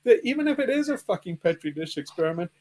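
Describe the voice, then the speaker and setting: High-voiced profane ranting man. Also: very animated, fast talker, a little mellow. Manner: profane, sardonic, acts out little voices. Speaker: podcast host. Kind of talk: casual rant.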